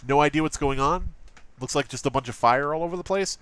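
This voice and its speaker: A man's voice: fairly high pitch, quick pace, fairly bright tone, clear, resonant tone, no room sound. A man casually commenting on an old gaming magazine, joking, swearing and using lots of fillers. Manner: profane, joking, frequent fillers. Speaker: let's play host.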